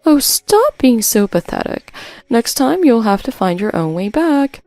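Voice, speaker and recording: A stern sister talks in a firm, brisk way, raising her voice to scold, as a woman acts her out. Her tone has a gravelly texture at the bottom. The sound is dry and close. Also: fairly high pitch, sing-song, darkish tone, no echo, faint music behind, pitched above the performer's own voice. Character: stern, scheming older sister, brisk and unsympathetic.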